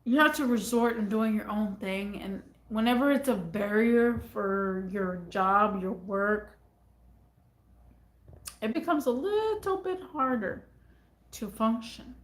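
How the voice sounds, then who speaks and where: A woman talking straight to her viewers in a loose, rambling way, circling back to the same phrases. Her voice sits a bit high. The sound bounces around an echoey room. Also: expressive, slow. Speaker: vlogger. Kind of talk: casual talk to camera.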